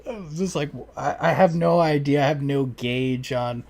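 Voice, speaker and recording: A young man telling neighbor stories in casual chat, rambling and profane, packing every sentence with "like" and breaking into loud mocking voices. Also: moderate pace, creaky. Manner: rambling, profane, heavy use of "like"; mimics neighbors in loud high-pitched voices.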